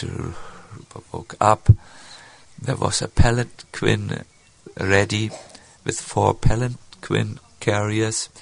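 A man telling a devotional story in a sermon, halting, with many fillers and restarts. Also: lowish voice, vocal fry. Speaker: spiritual speaker.

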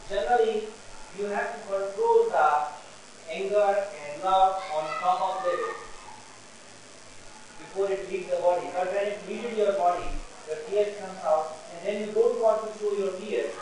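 High-voiced man lecturing in an echoey room. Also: a little hiss or hum. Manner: explains slowly, repeats each term twice. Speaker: teacher.

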